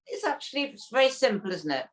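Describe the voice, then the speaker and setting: A woman co-host sharing a tip in a sweet, sincere, soft-spoken way. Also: on the high side, very animated, fast. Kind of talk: casual chat.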